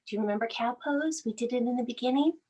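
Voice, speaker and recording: A woman leading a children's bedtime yoga class, speaking in a gentle, soothing, sing-song way as she reads a storybook aloud. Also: fairly high pitch, fast, dull audio. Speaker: yoga instructor.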